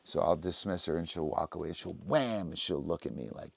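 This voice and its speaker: A man with a deep, husky voice and vocal fry teaches dog training on a livestream, speaking briskly with no room sound. He explains things casually and conversationally, often checking in with the listener by asking "right?".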